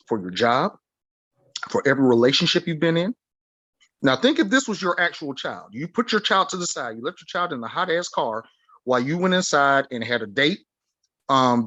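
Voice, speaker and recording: A man who works as a life coach, speaking on a casual podcast in an emphatic, preachy way, acting out imagined inner voices with big swings in pitch. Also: fairly bright tone, no echo.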